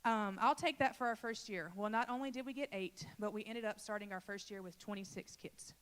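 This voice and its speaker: A woman from Louisiana who leads a church children's ministry stands before her congregation to share a personal testimony. She speaks earnestly and with feeling in a mid-pitched voice. She talks to the listeners directly, as if to friends. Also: fairly bright tone.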